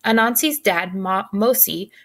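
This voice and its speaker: A woman reads a children's chapter book aloud in a gentle, clear delivery. Her voice sits in a middle register with a noticeable gravelly fry. The pacing is that of a patient storyteller. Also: mid-range voice, unhurried. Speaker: narrator.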